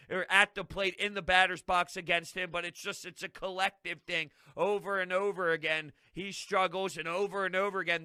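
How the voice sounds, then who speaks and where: Fan-channel host, young man, sharp and dry-sounding, loud exasperated game recap. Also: high-pitched, dry recording. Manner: exasperated, loud, frequently shouting. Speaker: sports fan video host.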